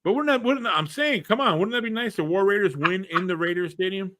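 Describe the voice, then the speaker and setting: A man co-hosting a casual wrestling podcast, chatty and quick to laugh, leading each segment. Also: high-pitched, bright, forceful tone. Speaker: podcast co-host. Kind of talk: casual wrestling predictions chat.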